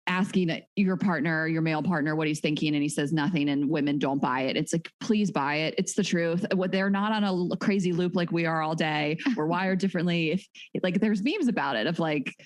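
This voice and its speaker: A woman's voice: deep voice, a little fast, few pauses, no echo. A woman co-hosting a podcast, chatting frankly with many "like" fillers. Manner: candid, talkative, full of "like" fillers. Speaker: podcast co-host. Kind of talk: casual podcast chat.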